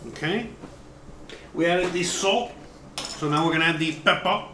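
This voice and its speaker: A man's voice: on the high side, a little slow, reverberant, background noise. A man hosting a casual live cooking demo, chatty and joking, filling his talk with "you know". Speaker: cooking show host. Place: home kitchen.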